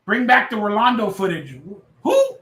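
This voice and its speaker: A man hosting a casual livestream, loud and rambling, a little tipsy as he reads out chat messages. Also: high voice, wildly swooping pitch, normal speed, roomy sound, background noise. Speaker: livestream host.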